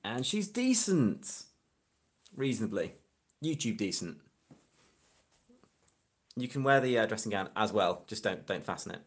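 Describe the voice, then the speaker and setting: A man's voice: lowish voice, sing-song, measured pace, pauses often, breathy edge. A man hosting a casual live stream from a phone indoors, chatting and joking with viewers. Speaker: hypnotist livestream host. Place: flat indoors. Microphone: phone camera.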